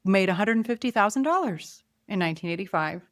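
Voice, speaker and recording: A woman's voice: mid-range voice, expressive, quick pace, no room sound, clean studio sound. A woman hosting a casual film review chat, musing aloud, trailing off and restarting her thoughts. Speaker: podcast host.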